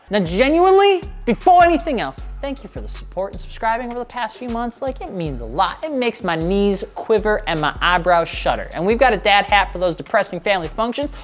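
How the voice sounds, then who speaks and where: A woman's voice: medium pitch, sing-song, fast talker, hardly any pauses, faint music behind. A woman hosting a scripted commentary video, speaking casually with sarcastic jokes and side remarks. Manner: sarcastic, joking asides. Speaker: video essayist.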